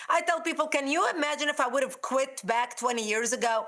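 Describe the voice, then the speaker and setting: A woman's voice: sits high, brisk, hardly any pauses, fairly bright tone. A woman from Lebanon, a guest on a talk show, speaking emphatically in an interview.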